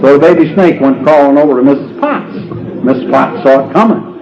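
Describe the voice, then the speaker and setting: A man's voice: mid-range voice, fairly quick, noisy background. A man, telling folksy stand-up stories and chuckling at his own jokes before a live audience. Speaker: comedian. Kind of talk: stand-up storytelling. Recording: dull lo-fi live recording.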